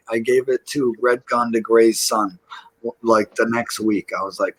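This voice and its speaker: A man telling animated stories with lots of laughter in a casual garage chat with friends. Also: mid-range voice, moderate pace, poor audio. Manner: animated storyteller, laughs and swears.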